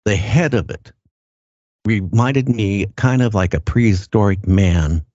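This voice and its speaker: An older man with a very low voice tells his story in a plain, earnest way. He stops and restarts, often repeating words as he goes. The sound is dull and lo-fi and very dry, with no room around it. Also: a little slow, darkish tone, no room sound. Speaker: guest recounting an encounter. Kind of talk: casual first-person storytelling.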